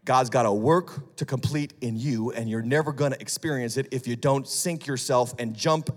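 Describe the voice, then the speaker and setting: A male lead pastor preaching a sermon, blunt and sarcastic, dropping low and then rising to loud, emphatic peaks. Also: normal speed, few pauses, big-room sound, soft background music. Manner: emphatic, swings from hushed to shouting. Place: church sanctuary.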